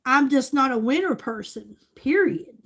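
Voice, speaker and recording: A woman's voice: high-pitched, animated, unhurried, fairly bright tone. An older woman, a grandmother chatting casually with her livestream viewers in a gushing way. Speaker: livestream host.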